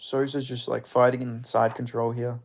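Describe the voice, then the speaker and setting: A man hosting a live fight watch-along, giving casual, profane commentary with sudden excited outbursts. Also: medium pitch, normal speed, creaky. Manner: excitable, swearing, bursts into loud reactions.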